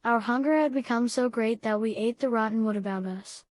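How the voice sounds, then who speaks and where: A woman's voice: a little high, brisk, darkish tone, no echo. Woman reading a classic novel aloud. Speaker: audiobook reader.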